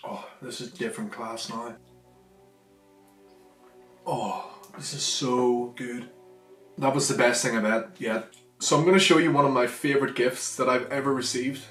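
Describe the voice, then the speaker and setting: A young man with a Northern Irish accent, chatting enthusiastically in a casual food vlog and dropping into softer asides. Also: medium pitch, a little slow, long pauses. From Northern Ireland. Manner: chatty, enthusiastic, drifts between loud and soft asides. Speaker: vlogger. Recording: echoey room with faint music.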